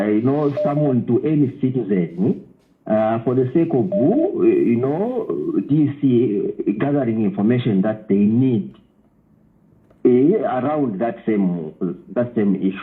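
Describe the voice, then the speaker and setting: Emphatic caller on a tinny phone line. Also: male voice, medium pitch, very animated, slow, a little hiss or hum. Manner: emphatic, repeats words while explaining. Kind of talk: call-in radio talk.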